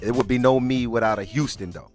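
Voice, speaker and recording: A middle-aged man from Omaha, guesting on a podcast, who spins stories in a relaxed, joking way. His voice sits mid-range for a man, with faint music underneath. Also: medium pitch, quick pace. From Omaha, Nebraska. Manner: laid-back, joking storyteller. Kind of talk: casual podcast interview.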